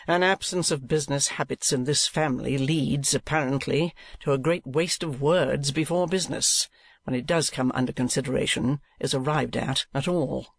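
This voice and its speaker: A man's voice: mid-range voice, normal speed, vocal fry, husky, no echo. A man reading as a cold, sneering miserly uncle who speaks curtly and tartly. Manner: curt, tart, sneering.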